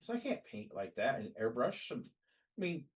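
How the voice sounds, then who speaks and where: Man, podcast co-host, animated pitch, sits a bit off mic. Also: moderate pace, distant mic, poor audio. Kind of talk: casual chat.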